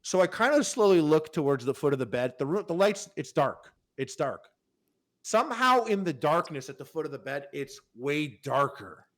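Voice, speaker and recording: A man's voice: on the high side, big pitch swings, moderate pace, fairly bright tone. A man telling a long, rambling story on a podcast in casual chat, swearing freely and full of fillers. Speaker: podcast panelist.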